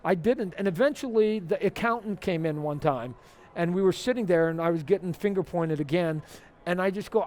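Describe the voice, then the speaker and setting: A man's voice: sits high, brisk. A man guest at a convention interview, talking with energy and acting out the people in his stories. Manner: energetic, animated, acts out quoted exchanges. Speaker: interview guest, comic artist. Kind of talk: animated storytelling interview. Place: toy fair convention floor.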